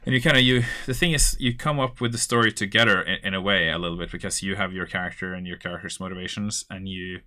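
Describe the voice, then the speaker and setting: A man's voice: low voice, fast talker, few pauses, bright, forceful tone. A man chatting casually as a host, rambling loosely with many fillers. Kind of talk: casual chat.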